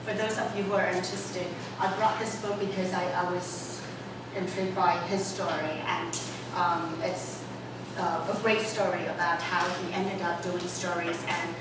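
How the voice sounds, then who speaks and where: A woman's voice: fairly low pitch, moderate pace. Woman lecturing in an echoey hall. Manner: animated read-aloud voices, chatty asides with fillers. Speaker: English storytelling workshop lecturer. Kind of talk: lecture with read-aloud storytelling. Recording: echoey hall, voice from far off, audible room noise.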